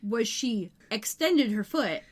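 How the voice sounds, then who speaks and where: A fairly high-voiced woman co-hosting a podcast, recapping a TV episode in a chatty, casual way. She walks through scenes and breaks off for quick asides. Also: expressive. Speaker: podcast co-host.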